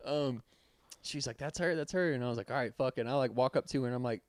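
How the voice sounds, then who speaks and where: A man, co-hosting a podcast in casual chat, laid-back and quick to laugh while telling stories. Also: medium pitch, fairly even intonation, no echo, studio quality. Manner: laid-back, swears freely, laughs mid-story. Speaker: podcast co-host.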